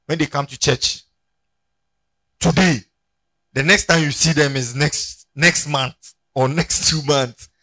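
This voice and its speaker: This pastor preaches in an animated, joking style, calling on the congregation to turn to their neighbors. His voice is a little high and slow, broken by frequent pauses, on a dry recording.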